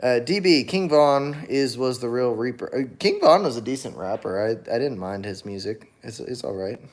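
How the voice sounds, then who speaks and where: A young man hosting a casual livestream, answering chat in a relaxed, rambling way with lots of fillers and restarts. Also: mid-range voice, moderate pace. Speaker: livestream host reading chat. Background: a small child crying at times.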